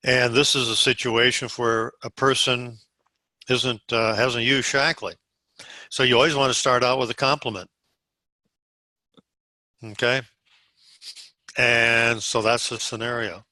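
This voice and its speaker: A man's voice: mid-range voice, fairly even intonation, a little slow, long pauses, sharp tone, no echo. A man leading a sales group over a video call, walking them through phone scripts step by step in an instructive way. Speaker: sales team leader.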